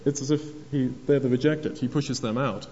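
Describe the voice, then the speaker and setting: An older man preaching a sermon on scripture, halting and repeating words, acting out the voices of people in the story. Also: medium pitch, warm tone. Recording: dull lo-fi recording.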